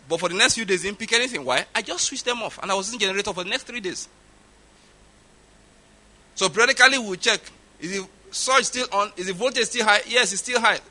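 A man's voice: high-pitched, fairly quick, bright, forceful tone. A middle-aged man with a Nigerian accent preaching a sermon, stressing his points and repeating them for emphasis. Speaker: pastor.

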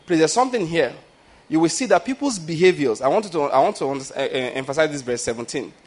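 A man's voice: fairly high pitch, lively intonation, quick pace. A man preaching a sermon in a loose, conversational way, often asking the congregation whether they follow him and restarting his sentences. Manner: conversational preaching, frequent rhetorical questions and restarts. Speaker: pastor.

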